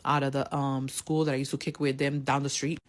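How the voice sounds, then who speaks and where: A woman's voice: a bass voice, little pitch movement, fairly quick. A woman casually telling a personal story, swearing heavily in street slang and acting out each person she quotes.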